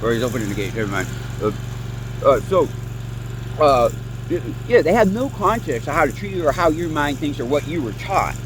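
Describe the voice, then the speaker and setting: A man's voice: a little high, very animated, brisk, noisy background. A man in his late thirties giving a profane, rambling, heated monologue outdoors. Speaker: vlogger. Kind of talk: ranting monologue. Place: outdoors near woods.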